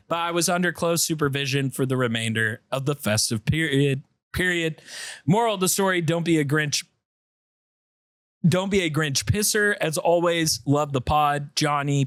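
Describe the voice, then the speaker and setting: A man with a fairly high voice reads a listener's letter aloud with animated, comic flair. The close studio mic gives a dry, intimate sound with no room echo. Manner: animated storytelling, breaks into laughter. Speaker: podcast co-host. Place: podcast studio.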